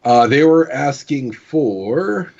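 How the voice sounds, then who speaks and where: A man's voice: medium pitch, lively intonation, takes it slowly, gravelly, darkish tone, a little hiss or hum. Man explaining news over dull lo-fi audio. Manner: explaining with many fillers. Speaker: podcast co-host presenting news. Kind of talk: casual podcast chat.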